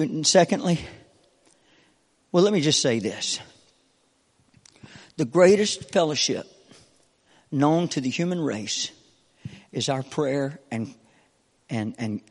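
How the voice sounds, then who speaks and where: A man preaching a Pentecostal sermon from the pulpit, repeating short call-outs to the congregation and swinging between soft talk and fervent preaching. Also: medium pitch, breathy edge, big-room sound. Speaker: pastor. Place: church sanctuary.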